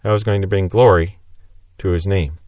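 A man's voice: low voice, fairly even intonation, normal speed, darkish tone, dry recording, studio quality. A man preaching a sermon in an earnest, explanatory way, stressing repeated phrases.

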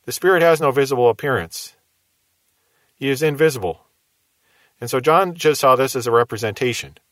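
A man teaching through Bible verses in a measured, explaining way, often asking rhetorical questions. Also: medium pitch, fairly bright tone, dry recording.

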